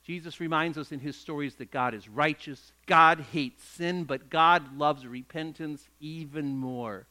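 A man preaching a sermon, retelling a parable with lively storytelling and acting out the grumbling workers. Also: on the high side, a little slow, few pauses. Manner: animated storytelling, acts out quoted grumbling. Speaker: pastor.

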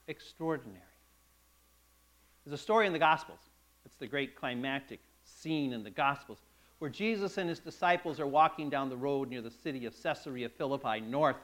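Animated, high-voiced male preacher. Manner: dramatic storytelling, acting out the quotes. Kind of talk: sermon.

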